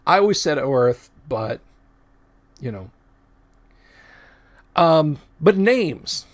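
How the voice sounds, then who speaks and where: A man's voice: a little high, very animated, drawn-out words. Rambling middle-aged man hosting a livestream. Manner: rambling, self-correcting, chatty. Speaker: livestream host. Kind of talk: casual livestream chat.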